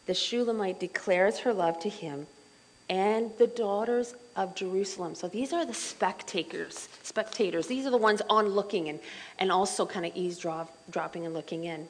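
A middle-aged woman leading a Bible study group in a chatty, animated way, full of asides and fillers. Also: mid-range voice, moderate pace, rough recording.

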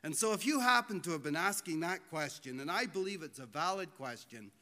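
A man preaching a sermon in a church, earnest and pleading, slowing down to stress his points. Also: a little high, expressive, sharp tone. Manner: earnest, pleading, slows for emphasis. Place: church hall. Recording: long hall reverb.

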